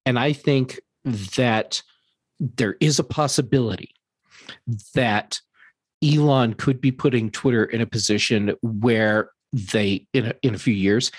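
A man co-hosting a casual panel discussion, giving measured, thoughtful analysis with some restarts. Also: mid-range voice, no echo.

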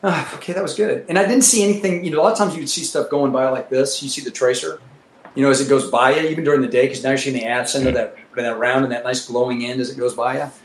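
A man telling profane, animated war stories as a former military pilot, acting out what people said. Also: medium pitch, fast. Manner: profane, animated, acts out quotes. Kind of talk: casual storytelling chat. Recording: echoey room with faint noise.

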